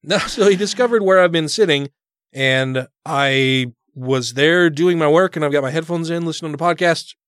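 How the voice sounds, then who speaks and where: A man's voice: fairly high pitch, normal speed, a bit bright, dry recording, clean studio sound. A man co-hosting a podcast in blunt, sarcastic casual chat, swearing often and laughing, with the hiccups. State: has the hiccups. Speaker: podcast co-host. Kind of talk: casual profane banter.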